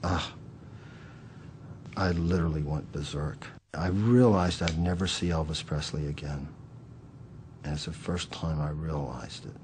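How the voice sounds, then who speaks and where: A man in a documentary interview, telling a memory intensely with slow emphasis. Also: extremely low pitch, a little hiss or hum.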